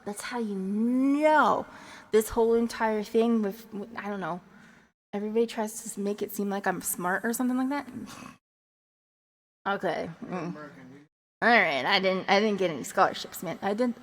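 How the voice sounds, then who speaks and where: A woman's voice: medium pitch, a little fast. A young woman streamer chatting casually between songs, rambling, joking at her own expense and laughing often, with reverb on her voice. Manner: self-mocking, joking.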